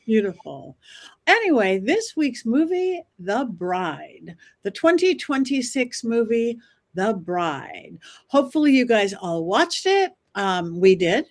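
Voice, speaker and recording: Animated high-voiced woman host. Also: slow. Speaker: podcast host. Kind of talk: hosting a panel show.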